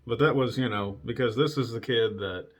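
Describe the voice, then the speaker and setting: A man's voice: mid-range voice, normal speed. A man hosting a casual solo talk show, telling stories from his past bluntly and with lots of swearing, laughing at himself now and then. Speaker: podcast host.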